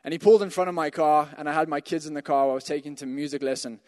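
A pastor telling a personal story in a sermon, rising to emphatic calls to the congregation. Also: male voice, fairly high pitch, very fast, darkish tone, in a large hall. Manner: storytelling, builds to emphatic exhortations.

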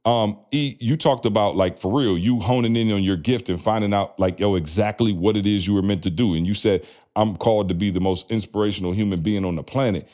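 A man's voice: on the low side, fairly quick, few pauses. A man co-hosting a podcast in casual chat, asking loose questions full of fillers to set up his partner. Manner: relaxed, filler-heavy, sets up questions. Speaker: podcast co-host.

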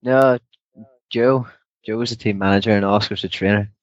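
A young man with a Northern Irish accent, soft-spoken and relaxed, laughing easily as he chats. His voice sits fairly low and comes through a dull, lo-fi remote line with a dry sound. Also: moderate pace, no room sound. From Northern Ireland. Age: young adult. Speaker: guest, downhill mountain bike racer. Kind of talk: casual interview chat.

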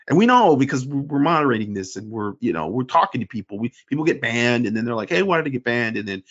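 A man's voice: medium pitch, sing-song, fast talker, fairly bright tone, breathy edge. A man co-hosting a casual sports podcast, rambling animatedly and mimicking fans as he talks. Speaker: podcast co-host and forum moderator. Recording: dull lo-fi sound.

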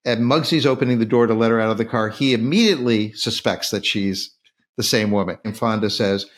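A man's voice: lowish voice, brisk. Guy hosting a movie podcast, asks the panel stuff, gets into retelling scenes. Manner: leads with questions, animated retelling of scenes. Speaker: podcast host. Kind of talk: casual film discussion.

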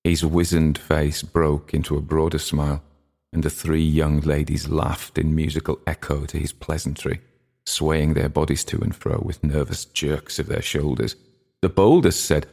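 Deep, gravelly male narrator. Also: level tone, moderate pace, a little mellow. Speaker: audiobook narrator. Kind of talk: literary narration.

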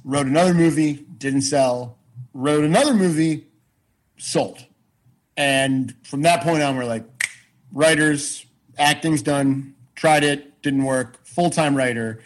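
A man telling a personal career story in casual chat on a podcast, animated, swearing freely and often restarting his sentences. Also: a little high, slow pace, low-quality recording. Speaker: podcast guest.

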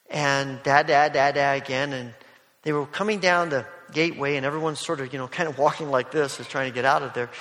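A man preaching a sermon, telling a story in a gentle, conversational way with soft asides. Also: fairly high pitch. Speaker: pastor. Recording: long hall reverb.

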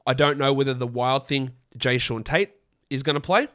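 A hoarse man hosts a solo fantasy basketball podcast in a middle-pitched voice. He talks in a loose, opinionated ramble and often stops to correct himself mid-sentence. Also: moderate pace, sharp tone. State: hoarse from a lost voice.

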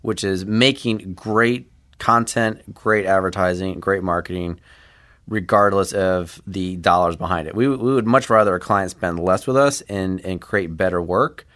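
Midwest agency guy on a podcast, real low voice, earnest and encouraging. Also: measured pace, fairly bright tone. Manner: earnest, encouraging, talks in restarts. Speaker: agency guest. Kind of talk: casual podcast interview.

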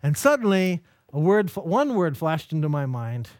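In a clean, dry studio recording, a male lecturer on a mission course speaks in a slightly high, sing-song voice with a darkish tone and moderate pace. His Christian mission lecture is conversational and anecdotal, with rhetorical questions and acted-out quoted dialogue.

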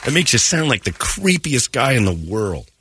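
A man's voice: medium pitch, sing-song, moderate pace, noisy background. A man hosting a morning radio show, telling a story in casual banter and slipping into quoted voices.

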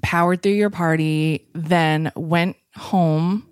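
A woman's voice: low-pitched, steady tone, takes it slowly, clear, resonant tone, no room sound, studio quality. A woman in her forties in casual conversation, telling a story with lots of "like" fillers and acted-out quotes. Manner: chatty, many "like" fillers, acts out quoted speech.

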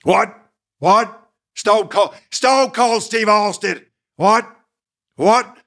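A man putting on a brash, gravelly wrestler persona, shouting drawn-out catchphrases. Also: sits high, pitched above the performer's own voice, exaggerated voice.

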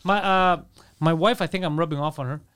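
A fast-talking young man with a somewhat high voice. He chats casually and crudely with a friend and tells animated stories, slipping into the voices of the people in them. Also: smooth. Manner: storytelling, acts out others' lines.

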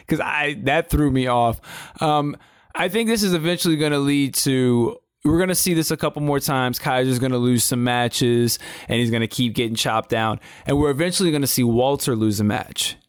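A man co-hosting a wrestling podcast in casual chat, rambling and animated with frequent restarts. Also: a little high, clean tone, no room sound, studio quality.

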